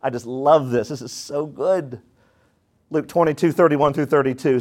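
A pastor delivers an emphatic sermon, putting questions to the congregation and swinging from loud declarations to quiet asides. His voice is mid-range and his pace moderate.

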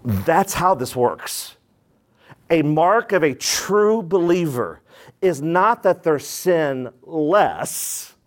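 With a slightly high voice, a man delivers a lively sermon as pastor, putting rhetorical questions to his congregation and performing the voices of those he quotes.

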